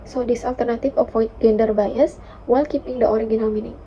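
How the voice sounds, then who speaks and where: A young woman, a university student, reading a class presentation with careful, steady delivery and occasional fillers. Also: fairly high pitch, fast, slight background noise. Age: young adult. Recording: dull lo-fi recording.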